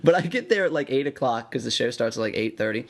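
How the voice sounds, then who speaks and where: Young male podcast co-host, mid-pitch, animated storyteller who laughs a lot. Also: quick pace, gravelly. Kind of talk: casual chat, storytelling.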